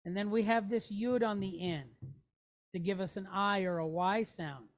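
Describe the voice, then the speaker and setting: A woman's voice: medium pitch, a little slow. A woman teaching a Hebrew reading lesson, sounding out each syllable patiently and checking in with her listeners.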